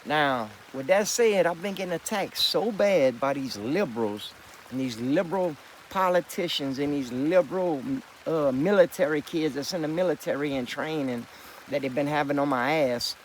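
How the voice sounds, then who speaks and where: A man's voice: fairly high pitch, normal speed, a little hiss or hum, low-quality recording. A man vlogging in a rambling, profane, emphatic monologue, calling listeners partner and boy. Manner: folksy address with "partner" and "boy".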